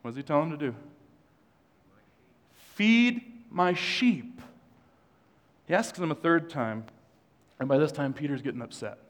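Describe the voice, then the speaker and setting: A man's voice: fairly high pitch, fast talker. Joking male pastor in reverberant church. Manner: conversational preaching with joking asides. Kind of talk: sermon. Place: church sanctuary. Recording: long hall reverb.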